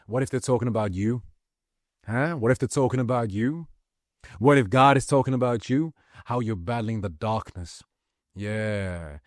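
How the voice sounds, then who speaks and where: In a clean studio with no echo, a man with a mid-range voice and moderate pace gives a fervent spiritual pep talk as a motivational speaker. He's emphatic and profane, hammering the same lines again and again.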